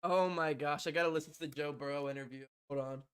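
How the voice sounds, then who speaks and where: A man doing live fan play-by-play on a stream. He swings from loud, shouted excitement to soft, stunned murmuring, with frequent laughter. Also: fairly high pitch, fast, clear, resonant tone. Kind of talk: live fan reaction commentary.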